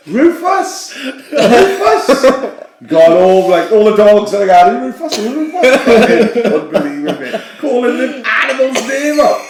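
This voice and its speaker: A man co-hosting a podcast, telling a story in casual chat, swearing and laughing through it. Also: sits high. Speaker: podcast co-host. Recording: echoey room with background noise.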